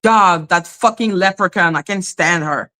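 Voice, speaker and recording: A woman's voice: on the low side, measured pace, pushed and bright. A woman hosting a livestream, ranting in a blunt, profane and taunting way. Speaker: livestream host. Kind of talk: confrontational live-stream rant.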